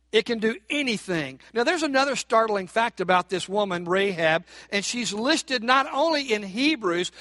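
A man's voice: sits high, pushed and bright, no room sound, studio quality. A man preaching a Sunday sermon as pastor, speaking with rising emphasis and asking the congregation rhetorical questions.

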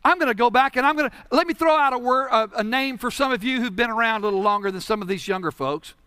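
Male pastor, emphatic preaching style, high bright voice, dry close sound. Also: quick pace, clean tone, no echo. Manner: emphatic preaching with rhetorical questions. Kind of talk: sermon.

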